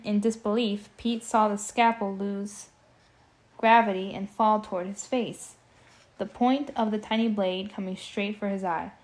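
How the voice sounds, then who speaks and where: A woman's voice: mid-range voice, darkish tone. A young woman reading a horror story aloud in an amateur style, tripping over words and breaking in with joking asides. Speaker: audiobook reader. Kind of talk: casual amateur audiobook reading with commentary.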